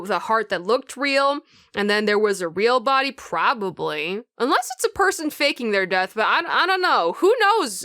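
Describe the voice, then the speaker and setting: A woman with a slight lisp hosting a let's play, chatting in an animated way and cracking goofy asides. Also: on the high side, dry recording, studio quality. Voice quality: slight lisp from heavy de-essing. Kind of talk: casual gameplay commentary.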